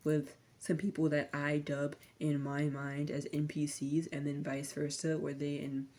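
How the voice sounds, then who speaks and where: A young woman rambles through a sardonic, slang-heavy rant in a low voice. She talks softly for ASMR and now and then slips into whispers. Her tone is warm and relaxed. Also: measured pace. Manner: slangy, sardonic, drifting between soft talk and whispers. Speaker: vlogger.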